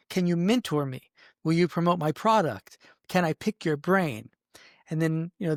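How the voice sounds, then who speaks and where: A man's voice: on the high side, no echo, clean studio sound. A middle-aged man hosting a podcast, giving an earnest, emphatic motivational business talk from his office. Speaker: podcast host.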